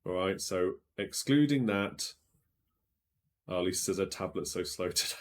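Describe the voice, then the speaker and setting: A man's voice: deep voice, expressive, moderate pace. A man hosting a live-streamed quiz, chatting as he reads out viewers' guesses and checks them aloud. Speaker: quiz show host.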